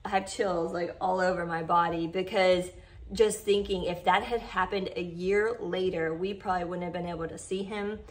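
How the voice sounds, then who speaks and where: A woman's voice: fairly low pitch, fairly even intonation, normal speed. A woman chatting heartfelt to her followers in a casual vlog, full of "like" and "you know". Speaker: vlogger.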